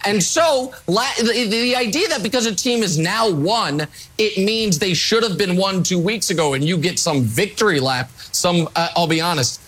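A man's voice: high-pitched, a bit bright, breathy edge. A man hosting a studio sports debate show, arguing emphatically with theatrical indignation. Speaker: sports talk show host.

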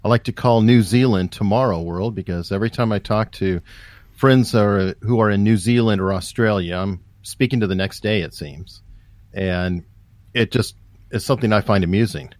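A man's voice: on the low side, moderate pace, darkish tone, no echo. A man from the United States hosting a podcast, asking curious, amused questions in a casual interview. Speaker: podcast host.

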